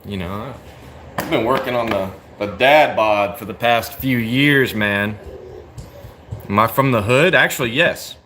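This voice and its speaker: American guy in his 30s on a stream, blunt and jokey, swears a lot, bright tense voice, faint room hum behind. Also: medium pitch, unhurried. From United States. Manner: blunt, profane, joking with slangy "bro". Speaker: livestream host answering chat. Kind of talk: casual chat.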